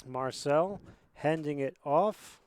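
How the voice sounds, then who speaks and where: A man commentating on a school rugby match from a booth, chatty and rambling, with excited bursts when play picks up. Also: on the high side, takes it slowly, clear, resonant tone. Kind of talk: amateur sports commentary.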